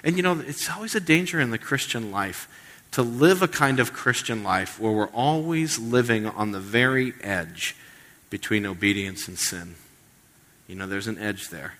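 A man's voice: lowish voice, lively intonation, normal speed, fairly bright tone. A male pastor giving a conversational sermon, joking and acting out quoted voices. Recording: long hall reverb.

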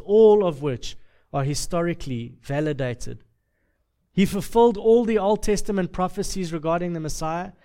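A male preacher with a fairly high voice delivers a sermon. He speaks in a slow, measured, rhetorical way, stacking phrases and repeating them for weight. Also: darkish tone.

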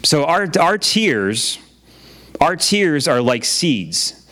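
A pastor preaches a sermon casually and conversationally, often repeating phrases and using filler words. His voice is a little high and sharp in tone, very animated, and very slow.

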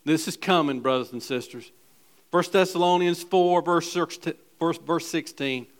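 A man preaching a sermon, reading scripture aloud and swinging between hushed, quiet passages and loud, fervent ones. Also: a little high, unhurried. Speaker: pastor.

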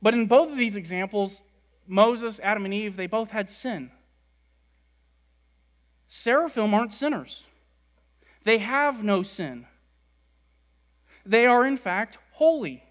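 A man preaching a sermon, stressing words by repeating them and letting key lines fall quiet and low. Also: expressive, slow pace, long pauses. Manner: emphatic, repeats words for stress, drops soft at ends. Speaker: pastor.

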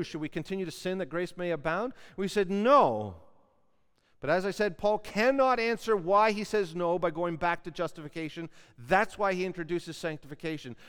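A man's voice: on the high side, clear, resonant tone. A man preaching a sermon as pastor, earnest and pressing hard on key words. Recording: long hall reverb.

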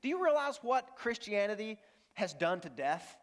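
A man's voice: high-pitched, very animated, brisk, a bit bright. A man preaching a sermon as a pastor. He speaks emphatically and repeats key phrases while he tells stories.

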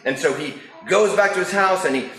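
A man preaching a sermon as a pastor in a relaxed, conversational storytelling manner. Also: high voice, a little fast, roomy sound, low-quality recording.

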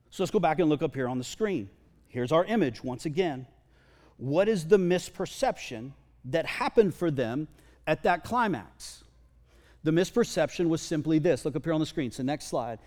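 A man's voice: a little high, animated, moderate pace, a little mellow. A male pastor giving a sermon in a church hall, talking conversationally and often repeating words as he goes.

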